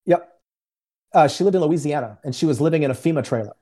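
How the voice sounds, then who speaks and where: Warm-voiced man telling a story. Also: a little high, fast talker. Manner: animated, joking, acts out quotes. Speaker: guest minister. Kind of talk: casual storytelling testimony. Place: home in Houston. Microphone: remote video call.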